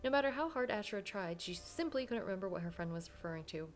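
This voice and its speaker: A woman's voice: medium pitch, animated, fast talker, soft background music. A woman reading a visual novel aloud, narrating dramatically and breaking off for casual asides. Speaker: game player reading aloud.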